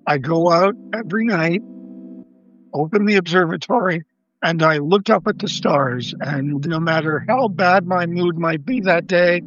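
An older man, a guest astronomer, telling a story in an interview in a measured, vivid way and quoting the people involved. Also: a little high, a bit bright. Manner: measured, vivid storyteller who quotes others. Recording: dull lo-fi dry sound.

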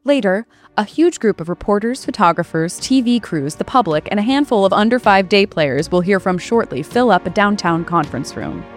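A woman doing scripted comedic narration in a deadpan way, full of wry asides. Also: mid-range voice, normal speed, hardly any pauses, faint music behind.

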